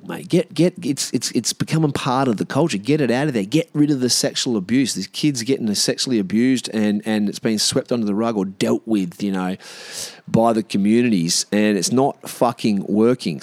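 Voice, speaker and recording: A man's voice: fairly low pitch, a little mellow, no room sound. Blunt, swearing Australian man ranting. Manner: blunt, swears freely, says "mate" often; restarts and repeats words as he thinks aloud. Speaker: podcast host. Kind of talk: solo podcast rant. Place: in a caravan with the doors open.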